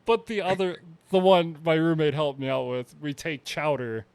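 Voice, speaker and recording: A man's voice: on the high side, normal speed, gravelly, darkish tone. A man co-hosting a casual podcast, rambling loosely and laughing a lot. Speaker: podcast co-host. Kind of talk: casual chat.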